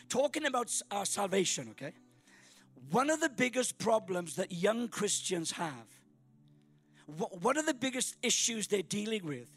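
A middle-aged Welsh man from Wales preaching as a guest speaker at a church service, joking and bursting into shouts. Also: very high voice. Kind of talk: sermon.

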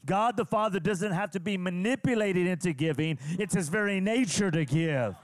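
A pastor from California preaching a sermon, animated, teasing the congregation and calling on them for responses. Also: male voice, high voice, moderate pace, few pauses, no room sound. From California, USA. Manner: animated preacher who teases and calls on the congregation.

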